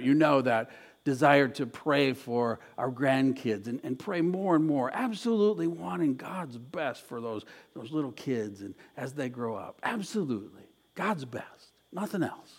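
A middle-aged male pastor delivers a sermon in an earnest, encouraging way. His voice sits a little high for a man. He repeats his key phrases and calls on the congregation to say them back.

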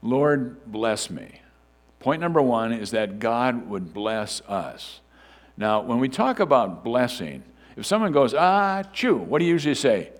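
A man delivers a sermon in a loose, conversational manner, often restarting his sentences. His pitch sits in a middle register but moves around a lot, lively and animated. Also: normal speed. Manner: conversational preaching with frequent fillers and restarts. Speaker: pastor.

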